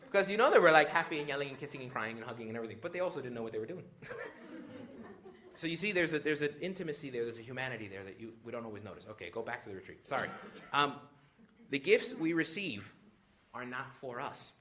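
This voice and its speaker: Animated joking male priest. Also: fast. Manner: animated and joking, acting out quoted voices with big pitch jumps. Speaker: priest leading a retreat talk. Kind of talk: retreat talk. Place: retreat venue with a live audience.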